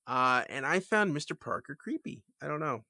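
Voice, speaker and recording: A man chatting easily about TV episodes, his mid-pitched voice bright and forward. He stops and restarts a lot, padding his lines with plenty of "uh" and "um." He is recorded close and dry. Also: animated, vocal fry, dry recording. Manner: halting, many fillers and restarts, laid-back. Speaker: podcast co-host. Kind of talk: casual TV recap chat.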